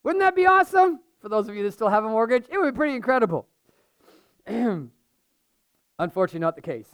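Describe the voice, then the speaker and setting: A male pastor giving a sermon, reading scripture and explaining it in a conversational, animated way with humorous asides. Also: high-pitched, fast, smooth, no echo.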